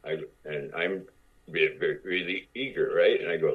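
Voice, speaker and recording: A man's voice: low-pitched, normal speed, breathy edge, narrow, tinny audio. A man, a guest actor, telling stories in casual talk and acting out other people's lines as he goes. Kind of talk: casual anecdotal storytelling.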